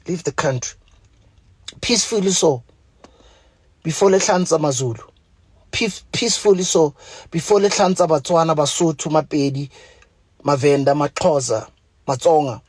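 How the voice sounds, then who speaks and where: A man's voice: a little high, moderate pace, long pauses, darkish tone, slightly rough, no room sound. A man with a South African accent ranting angrily to camera, profane and pleading by turns. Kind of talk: angry direct-to-camera rant.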